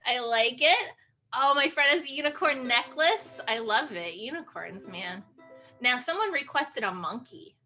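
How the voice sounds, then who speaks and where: High, bright woman leading kids' sing-along. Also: animated, a little slow, soft background music. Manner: playful and encouraging, with gasps and animal noises. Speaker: children's sing-along host. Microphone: video call.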